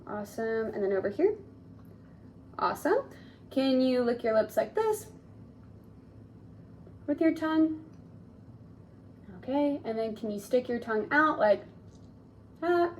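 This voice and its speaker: A woman's voice: fairly high pitch, slight background noise. A young woman giving a clinical exam, giving polite step-by-step instructions and often saying "awesome". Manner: polite, encouraging, repeats "awesome". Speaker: speech therapy student examiner.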